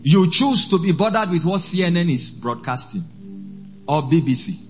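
A man, a priest preaching a sermon, who slows down and repeats phrases for emphasis. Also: a little high, expressive, faint music behind.

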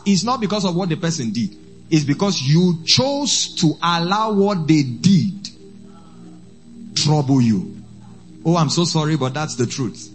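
A man, a priest preaching a sermon, who slows down and repeats phrases for emphasis. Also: a little high.

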